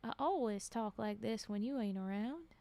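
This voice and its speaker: A woman's voice: a little high, unhurried, darkish tone, no echo, close to an everyday voice. A woman reading aloud and voicing a menacing possessed young man who speaks mockingly and calls her honey.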